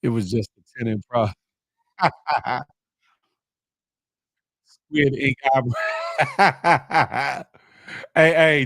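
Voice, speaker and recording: A man with a medium-pitched voice hosts a casual live morning show, chatting with viewers and reading their comments with animated energy and frequent laughter. The recording is rough but has no echo.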